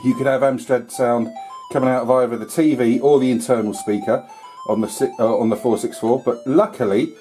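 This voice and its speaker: A man talks through an old computer game in a loose, rambling way, full of ums and the odd curse. His voice is mellow and relaxed, at a middling pitch. Faint game music plays behind him. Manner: rambling, filler-heavy, mild swearing. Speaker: retro gaming YouTuber. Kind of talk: casual gameplay commentary.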